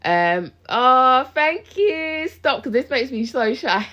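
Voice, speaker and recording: A woman's voice: medium pitch, sing-song, takes it slowly, fairly bright tone, highs cut off. A young woman, a business coach, chatting casually and animatedly on a phone live stream, full of slang and talking straight to her viewers. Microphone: handheld phone live stream.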